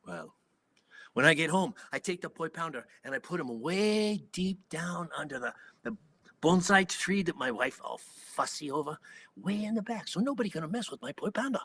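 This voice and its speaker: Older man, Hawaiian Pidgin accent, storyteller, lively swooping pitch, somewhat high voice. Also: normal speed, husky. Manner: animated, conversational, dramatic swings in loudness. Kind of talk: performed first-person storytelling.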